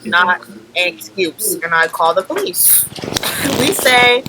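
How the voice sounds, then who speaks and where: A young woman telling a party story in casual chat, acting out what people said in an animated way. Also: lowish voice, takes it slowly, background noise.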